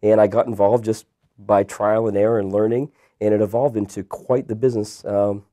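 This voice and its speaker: A Canadian man in his thirties, a guest entrepreneur telling his story in a relaxed, rambling interview style. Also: fairly low pitch, brisk. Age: 30s. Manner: relaxed, rambling with many fillers and restarts.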